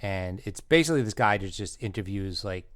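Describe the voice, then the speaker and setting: Low-voiced laid-back podcast man. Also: animated, brisk, dry recording, clean studio sound. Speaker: podcast co-host. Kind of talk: casual comedic banter.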